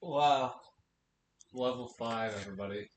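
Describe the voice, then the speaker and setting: A man playing in a tabletop game, chatting casually and easygoing, often agreeing quickly. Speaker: player. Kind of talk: casual chat. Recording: echoey room with faint rumble.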